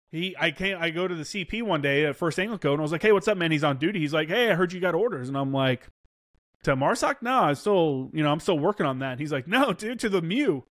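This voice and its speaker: A former Marine in his thirties tells war stories in a casual interview, swearing freely and acting out quoted dialogue. His voice is fairly high and fairly bright, recorded with clean studio sound and no echo.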